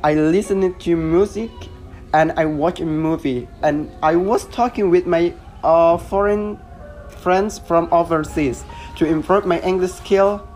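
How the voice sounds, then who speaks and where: A man in his twenties, a student, giving an earnest, halting self-introduction with frequent hesitations. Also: on the high side, darkish tone, faint music behind. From Indonesia. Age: 20s. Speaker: student podcaster. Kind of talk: casual self-introduction monologue.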